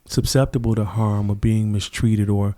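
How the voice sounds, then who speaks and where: A man's voice: lowish voice, level tone, moderate pace, dark tone. A middle-aged man, a podcast guest, telling stories earnestly and reflectively, acting out the people he quotes. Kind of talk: conversational interview storytelling.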